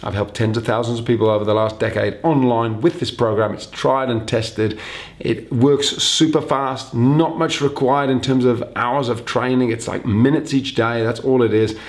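A man's voice: mid-range voice, fairly even intonation, normal speed. A man who trains dogs, giving chatty, upbeat advice straight to the camera and repeating his main points. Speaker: dog trainer. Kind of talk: direct-to-camera advice video.

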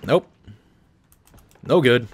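A man chatting casually while streaming a horror game, joking at his own expense. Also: very slow. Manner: chatty, self-deprecating. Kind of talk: live gameplay commentary.

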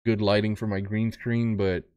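A man's voice: lowish voice, flat delivery, normal speed, a little mellow, smooth. Laid-back young man streaming live. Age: young adult. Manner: laid-back, rambling, greets chat by name. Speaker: streamer reacting to videos. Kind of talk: casual live-stream chat.

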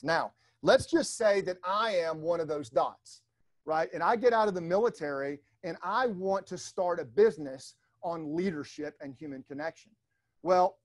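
Middle-aged man, high voice, dry close recording; chatty webinar lecturer who keeps asking "right?". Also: dry recording. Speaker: webinar speaker. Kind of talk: leadership talk with slides.

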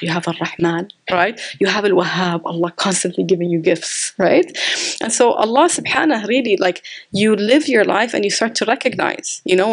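Chatty, animated woman speaker. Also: medium pitch. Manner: chatty, animated storytelling full of "like" and "you know"; sprinkles Arabic religious phrases. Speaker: author and religious speaker. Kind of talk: casual faith talk to a live audience. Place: community gathering with an audience.

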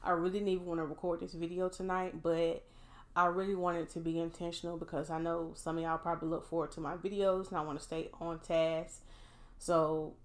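A woman's voice: on the low side, level tone, a little fast. A woman vlogging candidly and encouragingly, speaking straight to her viewers while emotionally drained after a hard day. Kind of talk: casual heartfelt vlog talk.

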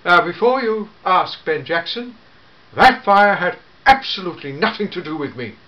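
A man voicing an elderly, fussy, grandfatherly time-travelling gentleman in a fan audio drama, full of hmms and eh?s. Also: high voice, lively intonation, moderate pace, dull audio. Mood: fussy, chatty. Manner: fussy, hesitant, peppered with hmms and eh?s.

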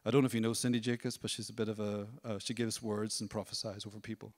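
A man giving a testimony at a church service, telling his story in a lively way and acting out other people's voices. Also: lowish voice, quick pace, long reverb tail. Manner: storytelling, animated, acts out voices. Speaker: worship leader. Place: church hall.

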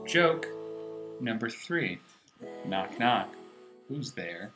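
A young man telling long jokes to his laptop camera, animated, acting out the characters' lines. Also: medium pitch, slow, long pauses, music in the background, low-quality recording. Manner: animated storyteller, voices the characters. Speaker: comedy show host telling jokes. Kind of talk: joke telling. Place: small room, webcam. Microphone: built-in laptop camera mic.

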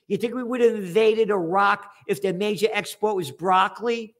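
A man's voice: sits high, normal speed, few pauses. A man hosting a show, reading news headlines aloud and answering them with profane, sarcastic rants. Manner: profane, sarcastic, shouting mockery; reads headlines then mocks them. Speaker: trends forecaster and show host. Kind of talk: ranting commentary on news headlines.

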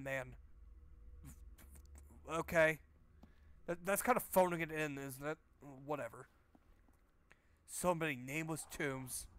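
Casual: snarky guy cursing through a horror game playthrough, voice a bit high. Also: fairly bright tone. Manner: sarcastic, profane. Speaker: game streamer. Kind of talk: let's play commentary.

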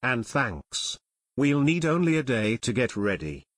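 A man's voice: mid-range voice, very animated, a little slow, fairly bright tone, no echo, studio quality. A man reading aloud voicing an eager teenage boy detective in an audiobook.

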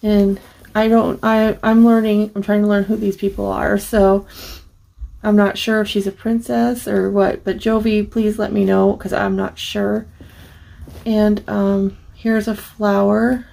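Here a crafting-channel host shows off a handmade journal in a relaxed unboxing, heaping on admiration and filler words. She speaks a bit slowly at medium pitch, flat and creaky but warm, over a poor-quality recording.

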